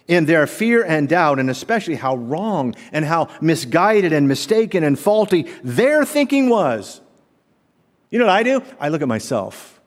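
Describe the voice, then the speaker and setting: A middle-aged man preaching a sermon as pastor, animated, asking the congregation rhetorical questions. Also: on the high side. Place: church sanctuary. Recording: long reverb of a large hall.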